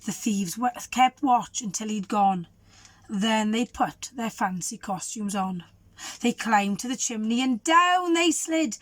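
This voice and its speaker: A woman teacher, a little croaky, reading a children's storybook aloud and asking the listeners questions. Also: fairly high pitch, no room sound. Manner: warm, asks the children questions. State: hoarse.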